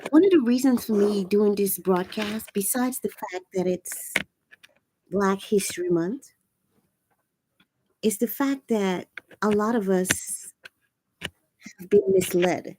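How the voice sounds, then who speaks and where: A woman hosting a live-streamed spiritual talk, with a raspy voice and an earnest, preachy manner that repeats phrases for emphasis. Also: medium pitch, takes it slowly, pauses often, dark tone, a little hiss or hum. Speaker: channel host.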